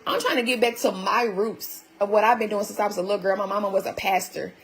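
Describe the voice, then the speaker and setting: A vlogger recaps her relationship for viewers, talking to them casually and directly in an angry, blunt, and profane manner. Her voice sits in the mid-range, with fairly level intonation and a quick pace.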